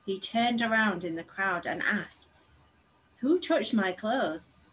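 A woman reads a scripture passage aloud to a congregation. Her reading is measured, earnest and unhurried, with a faint hum of room sound behind it. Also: medium pitch, animated, a bit bright, low-quality recording. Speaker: scripture reader.

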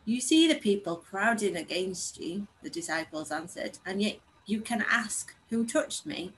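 A woman reading a scripture passage aloud in a measured, earnest way. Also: medium pitch, lively intonation, a bit bright, low-quality recording. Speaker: scripture reader.

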